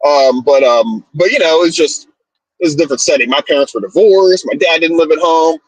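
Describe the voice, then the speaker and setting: A man's voice: on the high side, brisk, slightly rough, dry recording, poor audio. A man co-hosting a casual morning talk stream, laid-back, swearing freely and laughing often. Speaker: podcast co-host. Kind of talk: casual chat. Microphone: streaming setup.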